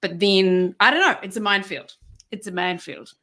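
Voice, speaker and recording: A woman, a stage performer co-hosting a casual chat, talking quickly and animatedly with many fillers. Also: medium pitch, bright, forceful tone. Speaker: actor and podcast co-host.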